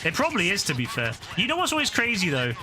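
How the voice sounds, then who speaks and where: A man's voice: high voice, huge pitch swings, fast, over music. A man chatting casually while streaming a game, rambling along and swearing freely. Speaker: gaming streamer. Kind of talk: casual chat while gaming.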